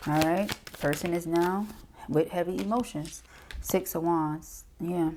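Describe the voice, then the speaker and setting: A woman's voice: lowish voice, measured pace, background noise. A woman doing a casual tarot reading, chatty and slangy, often checking in with "okay?". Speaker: tarot reader.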